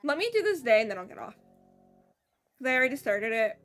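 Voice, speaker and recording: A woman's voice: fairly high pitch, very animated, fairly quick, fairly bright tone, soft background music. Chatty woman with a sore throat. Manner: chatty, rambling, reads dialogue aloud. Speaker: gameplay streamer. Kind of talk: casual let's play commentary.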